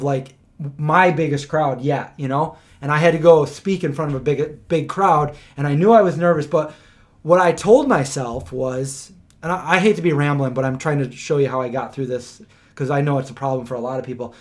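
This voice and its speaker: A man's voice: fairly high pitch, brisk. Rambling male livestream host. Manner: rambling, full of fillers like "like"; animated retelling of anecdotes. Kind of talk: casual storytelling chat.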